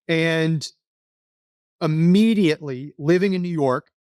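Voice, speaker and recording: Earnest, rambling man, slightly high voice. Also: no echo, studio quality. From Texas. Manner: earnest, rambling, many restarts. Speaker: podcast guest. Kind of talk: casual storytelling interview.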